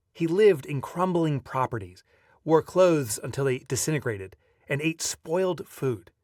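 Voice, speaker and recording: A man reading his own audiobook aloud, lively as a storyteller and breaking off now and then for casual asides. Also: on the high side, dry recording, studio quality, distant mic. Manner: lively storyteller who breaks off to chat offhand. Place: video recording setup.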